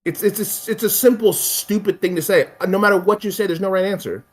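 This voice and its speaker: A man's voice: sits high, fast. A man in casual conversation, ranting with lots of swearing and laughter. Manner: profane, animated ranting with laughs. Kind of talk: casual chat.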